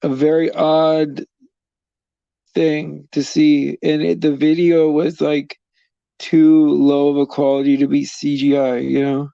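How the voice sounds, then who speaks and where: A livestream host with a mellow, gravelly voice that sits on the high side talks slowly and in a monotone, chatting loosely with viewers, meandering between thoughts and chuckling often. The audio is dry and close, slightly dull and lo-fi, with no room sound.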